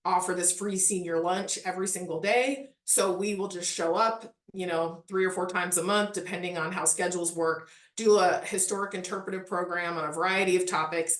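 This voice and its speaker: A woman's voice: lowish voice, echoey room. A woman with a Midwestern accent, a historic site manager answering interview questions in an earnest, chatty way full of "like" and "um". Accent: Midwestern American.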